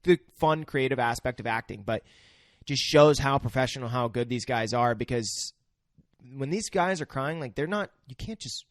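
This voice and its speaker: A man's voice: medium pitch, normal speed, no room sound, studio quality. A man co-hosting a podcast, talking earnestly and a bit ramblingly about film acting, with slang. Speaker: podcast co-host.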